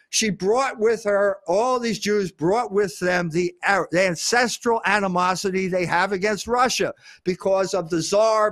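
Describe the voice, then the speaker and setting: Older man, somewhat high voice, emphatic history lecture, dry close sound. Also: no echo. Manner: emphatic, with frequent uh fillers.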